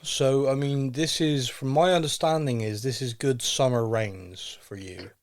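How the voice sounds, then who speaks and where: A man hosting a podcast in a relaxed, jokey way, rambling and talking straight to his listeners. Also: mid-range voice, a little slow. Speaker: podcast host. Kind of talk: casual podcast chat.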